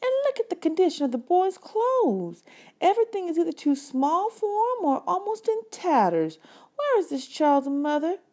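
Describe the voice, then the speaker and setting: A woman's voice: very high-pitched, very animated, normal speed, warm tone, pitched above the performer's own voice. A woman reading aloud the part of a kind, fussing mother who scolds and dotes by turns. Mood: indignant. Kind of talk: storybook read-aloud.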